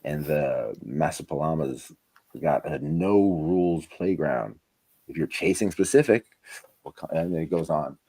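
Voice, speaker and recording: A man hosting a casual podcast chat, animated and jumping between loud bursts and low mumbles. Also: unhurried, husky, low-quality recording. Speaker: podcast host.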